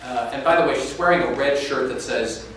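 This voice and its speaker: A man's voice: mid-range voice, fairly quick, fairly bright tone. Man telling a story to a room. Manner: storytelling, addresses the audience directly. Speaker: keynote speaker on inequality. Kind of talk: public talk with storytelling. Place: conference room. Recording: echoey room from far off, faint noise.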